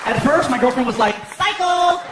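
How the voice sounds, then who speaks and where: A male stand-up comedian with a high voice, telling stories with lots of animation and acting out other voices. It is a live show, with a huge crowd laughing and constant noise in the room. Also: fast talker. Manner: animated storytelling, acts out voices.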